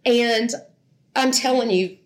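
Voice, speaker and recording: A middle-aged woman tells her own story to a listening crowd, rambling and chatty. She talks in a fairly high voice, full of restarts and filler words, and pokes fun at herself as she goes. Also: takes it slowly. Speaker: speaker sharing a personal testimony. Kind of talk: personal testimony told to an audience.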